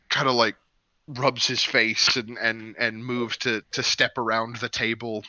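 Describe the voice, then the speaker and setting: A man's voice: medium pitch, unhurried, sharp tone, no room sound, rough recording. A man narrating as game master of a tabletop game, in a loose, rambling way with many fillers.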